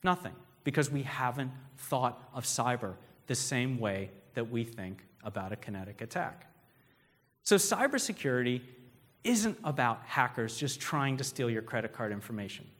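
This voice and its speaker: A man's voice: medium pitch, big pitch swings, normal speed, fairly bright tone. A man giving a talk in an echoing hall. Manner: conversational storytelling, asks the audience questions. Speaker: speaker. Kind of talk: keynote talk. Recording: long hall reverb.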